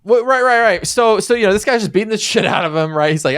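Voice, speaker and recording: A man's voice: high-pitched, expressive, quick pace, fairly bright tone, clear, resonant tone, dry recording, studio quality. Rambling man co-hosting a podcast. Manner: rambling, crude, many fillers and restarts. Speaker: podcast co-host. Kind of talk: casual movie-recap chat.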